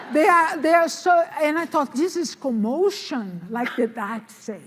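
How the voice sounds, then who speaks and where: Woman in her 60s telling her testimony, high voice, takes her time, acts out the other voices. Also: animated, slow pace, big-room sound. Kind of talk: personal testimony storytelling.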